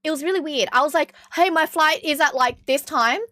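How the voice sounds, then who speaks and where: A young Australian woman with a high voice chats casually on stream, animated and quick to swear while she plays out the voices in her stories. The sound is dry and close, with no room around it. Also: no echo. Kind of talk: casual stream chat, storytelling.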